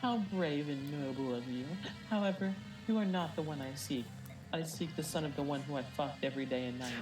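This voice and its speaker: A woman voicing a crude, lecherous villain king in a live fan voice-over, mocking and theatrical, recorded from a distant mic over loud game music. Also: sits low, brisk, close to an everyday voice.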